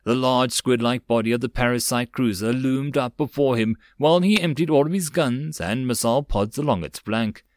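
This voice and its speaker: Male audiobook narrator, steady storytelling, dry close recording. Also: medium pitch, no echo. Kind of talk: web novel audiobook reading.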